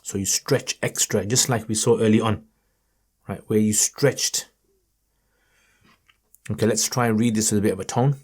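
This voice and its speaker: A man teaching Quran reading in an online lesson, patiently encouraging and modelling each verse in a slow, melodic recitation tone. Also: fairly low pitch, fairly even intonation, darkish tone, slightly rough. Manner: chants verses in a raised melodic tone.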